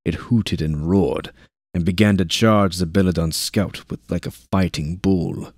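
A man reading a war novel aloud as narrator, with steady narration and shouted dialogue lines. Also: deep voice, a little slow, no echo, studio quality. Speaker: audiobook narrator.

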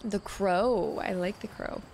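Woman, let's-play commentary, excitable, repeats words, slow talker. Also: medium pitch, slight background noise. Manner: excitable, repeats words rapidly when panicked. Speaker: video game streamer. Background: loud game music.

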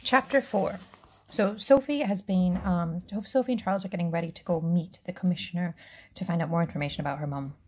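A woman reading a children's novel aloud, relaxed, with casual asides and self-corrections. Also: fairly low pitch, brisk, a little hiss or hum. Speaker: reader.

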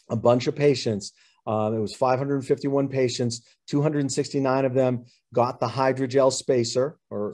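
A man's voice: mid-range voice, warm tone. A man who is a urologist giving a webinar presentation, explaining slides in plain terms with frequent fillers.

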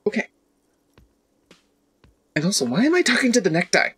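A woman streamer playing a video game, talking casually and reacting in an animated, exclaiming way. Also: mid-range voice, normal speed, breathy edge. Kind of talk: game let's-play with read-aloud dialogue.

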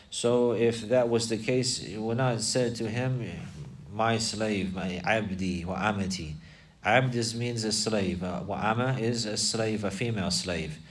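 A man's voice: fairly low pitch, distant mic. A man teaching a religious class, explaining word by word and repeating key phrases.

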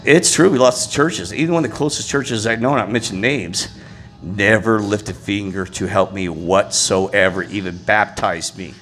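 A man on a passionate, indignant religious rant, repeating his exasperation and rising to loud peaks. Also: lowish voice, moderate pace, faint music behind. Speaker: vlogger.

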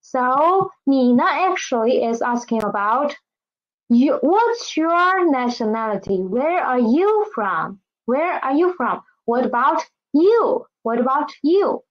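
Woman language teacher, fairly high voice, slow and patient, repeats drills, muffled lo-fi sound. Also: very animated. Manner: patient, repeats each word for students.

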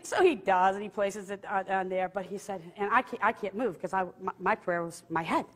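A woman giving a lively, humorous faith testimony, acting out what people said as she tells the story. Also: medium pitch, fairly quick. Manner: lively, humorous, acts out quotes. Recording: long hall reverb.

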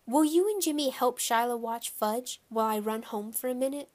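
A woman's voice: a little high, moderate pace, close to an everyday voice. A woman voicing a hesitant, coaxing young mother in a children's story. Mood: anxious. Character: anxious, gentle young mother.

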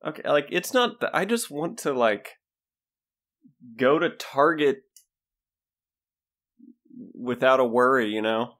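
A man's voice: medium pitch, animated, slow, pauses often, fairly bright tone. A man co-hosting a movie podcast from home, sarcastic and swearing freely in casual chat. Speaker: podcast co-host. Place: home, remote recording.

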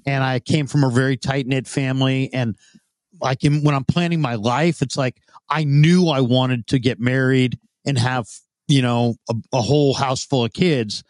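A man's voice: mid-range voice, fairly even intonation, moderate pace, darkish tone, dry recording. A man in his fifties, a guest in an interview, telling long casual anecdotes and acting out what others said. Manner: rambling anecdotes, acts out quoted dialogue. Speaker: interview guest, former radio host.

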